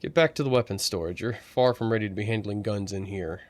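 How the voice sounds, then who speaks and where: A man's voice: on the low side, quick pace, no room sound, natural voice. A man voicing a stern older male armory sergeant who lectures about guns.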